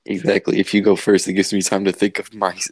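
A man's voice: sits low, completely flat delivery, fast talker, slightly rough, no room sound. A young man co-hosting a casual podcast, teasing the others and rambling through stories with frequent laughs. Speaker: podcast co-host.

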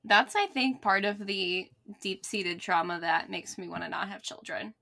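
A woman's voice: mid-range voice, steady tone, creaky, bright, forceful tone. A young woman from the United States co-hosting a casual chat podcast, joking playfully and laughing easily. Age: young adult. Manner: playful joker, quick to laugh. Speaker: podcast co-host.

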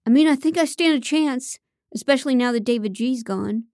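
A woman's voice: high voice, a little mellow, no echo, studio quality, voice pushed up. A woman reading the part of a defensive young male reality-show contestant in an audiobook, talking evasively and backpedalling. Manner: defensive, stammering, quick to backpedal.

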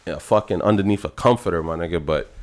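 A man spinning a story in relaxed conversation. He swears freely and keeps it lively, his voice leaping up on the big moments. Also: fast. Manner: animated, profane, jumps up in pitch for emphasis. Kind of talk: casual storytelling chat.

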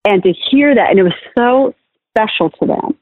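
A woman's voice: fairly high pitch, lively intonation, normal speed, no room sound. Candid woman on a tinny line. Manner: candid, frequent restarts. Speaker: guest minister. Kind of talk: casual interview talk. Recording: tinny phone-like call line.

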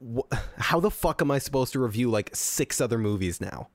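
A man's voice: mid-range voice, lively intonation, normal speed, no room sound. A man hosting a podcast, ranting and swearing in exasperation as he reacts to a movie into a desk microphone. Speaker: podcast host. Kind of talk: profane movie-reaction rant.

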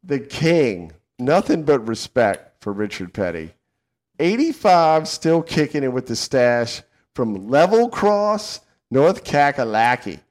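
A middle-aged man from the American South hosts a casual chat show. He talks with a Southern accent, swears freely, laughs often, and his pitch swings widely. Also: sing-song, slow pace, darkish tone. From southern United States. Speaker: podcast co-host.

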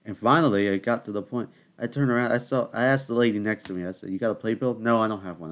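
A young man with a deep, low voice rants on his own show. He rambles through stories, stops to talk straight to his listeners, and keeps a loose, joking tone. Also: fast, few pauses. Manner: chatty, rambling, addresses listeners as people. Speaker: podcast host. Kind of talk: solo comedic rant.

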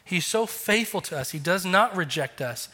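A man's voice: sits high, expressive, normal speed, sharp tone, breathy edge, long reverb tail. A man in his thirties, a pastor giving an earnest, conversational sermon with emphatic turns.

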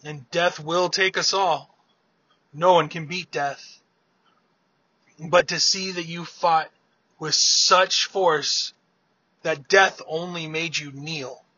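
A man's voice: on the high side, fairly even intonation, slow, long pauses, bright, forceful tone, slightly rough, dry recording, muffled recording, full character voice. A man voicing Utgard-Loki, a grave giant king. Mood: solemn.

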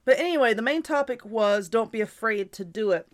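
A woman's voice: fairly high pitch, expressive, a little fast. A woman hosting her own show, giving casual, reassuring advice in a chatty, repetitive way while stifling hiccups. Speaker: YouTuber and podcast host.

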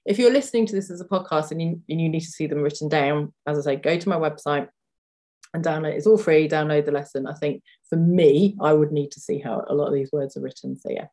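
A woman from the UK teaching vocabulary in a podcast lesson, chatty with fillers, slowing down to repeat words carefully. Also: low-pitched, warm tone. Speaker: French teacher.

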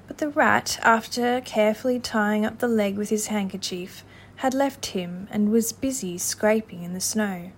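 A woman narrating a classic storybook in an expressive, measured reading voice. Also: medium pitch, slight background noise.

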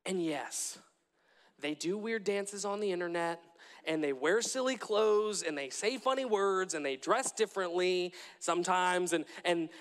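Young male preacher, high-pitched, earnest and repetitive, large reverberant hall. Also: a little slow, a bit bright. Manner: earnest, repetitive, with frequent restarts. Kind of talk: sermon.

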